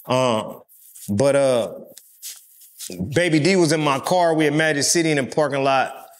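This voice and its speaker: A man's voice: mid-range voice, a little slow. Loose-talking middle-aged man from California. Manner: loose, profane street talk with frequent fillers. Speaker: rapper and interview guest. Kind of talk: casual storytelling interview.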